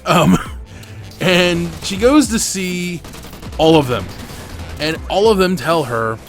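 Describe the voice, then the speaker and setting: A man's voice: sits high, lively intonation, takes it slowly. A young man hosting a gaming channel, candidly retelling a family story over gameplay and swearing freely as he talks. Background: faint background music.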